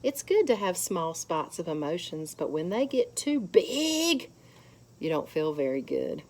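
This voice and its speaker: Woman, children's lesson leader; slow, lively delivery, faint hiss behind. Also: on the low side. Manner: gentle, slow, guiding children through counting. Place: church.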